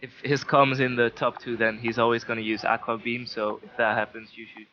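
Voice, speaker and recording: A man's voice: mid-range voice, little pitch movement, fairly quick, lo-fi sound, slight background noise. A man with a Dutch accent, a game developer explaining his own game in casual chat. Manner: explains game mechanics patiently. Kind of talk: casual let's play chat.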